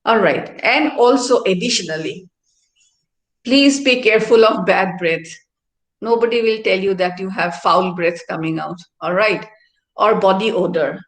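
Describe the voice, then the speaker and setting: A middle-aged woman, a professor giving a classroom lecture and often checking in with "all right?". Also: medium pitch. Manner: explanatory, asks tag questions like "no?" and "all right?". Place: university activity centre hall. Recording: roomy hall echo.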